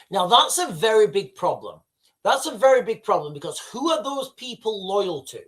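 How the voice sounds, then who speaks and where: A man's voice: high-pitched, very animated, normal speed, a bit bright. A middle-aged British man hosting a livestream, rambling and sidetracking as he talks to his chat. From United Kingdom. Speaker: livestream host. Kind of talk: casual livestream commentary.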